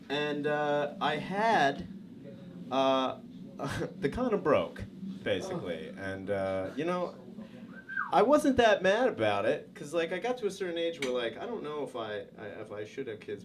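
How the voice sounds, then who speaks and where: A man in his thirties performing stand-up comedy. His pitch swings widely as he tells crude personal stories, sitting slightly high for a man. He slips in and out of little acted bits as he goes. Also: noisy background. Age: 30s. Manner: loose storytelling with crude jokes and acted-out clerk voices.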